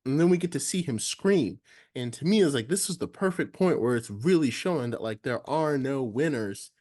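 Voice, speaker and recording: A man co-hosting a casual film review, talking in a relaxed, rambling way with many fillers. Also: medium pitch, normal speed. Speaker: podcast co-host.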